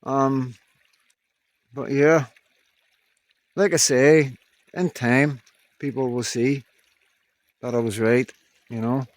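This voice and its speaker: A man's voice: medium pitch, steady tone, slow pace, pauses often, dry recording. A man with a thick regional accent speaks to his followers on an evening stroll, recorded on a handheld phone outdoors. He rambles in a blunt, downcast way, looping back on his points and swearing now and then. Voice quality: strong regional accent that he says captions garble. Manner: rambling, frank, swears, repeats "you know". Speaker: vlogger. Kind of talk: casual monologue to viewers.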